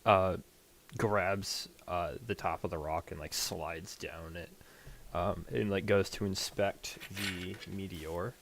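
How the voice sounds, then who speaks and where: A man acting as game master, narrating a tabletop game in casual chat, laughing often and pausing on fillers. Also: low-pitched, fairly even intonation, vocal fry, a bit bright, a little hiss or hum.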